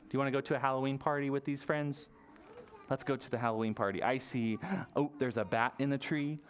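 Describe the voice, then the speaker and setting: A storytime leader reads a Halloween picture book aloud to a room of toddlers. The voice swoops up and down with lively expression, full of playful gasps and sound effects. It is sing-song and encouraging, always pitched at small children. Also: smooth. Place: public library storytime session.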